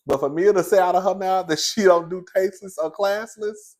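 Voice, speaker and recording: A man giving casual, sassy commentary on a reality TV episode, chatty and quick to laugh. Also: high voice, a little mellow. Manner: sassy, chatty, laughs often, calls viewers "girl" and "baby". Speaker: reality TV reviewer.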